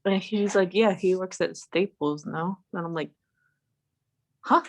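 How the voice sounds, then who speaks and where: A woman's voice: lowish voice, normal speed. Profane woman telling a story. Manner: profane, animated storytelling with acted-out quotes. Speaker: podcast guest. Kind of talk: casual storytelling chat. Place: home, remote call.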